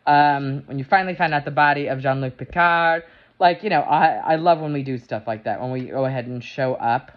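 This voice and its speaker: A woman talking through her review of a TV episode in a casual, animated way, swearing freely and full of fillers and restarts. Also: rumbling low, a little fast. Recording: dull lo-fi sound.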